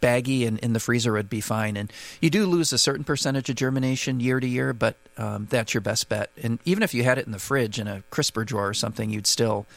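A man's voice: mid-range voice, fast talker, gravelly, hardly any pauses, fairly bright tone, dry recording. A man who is the guest gardening expert on a radio call-in show, answering questions with frequent restarts. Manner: hesitant, many restarts, friendly explaining.

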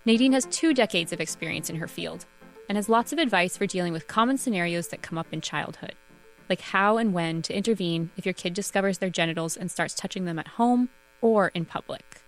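Female public radio host with a slightly low voice, measured read, faint bed music. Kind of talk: scripted show introduction.

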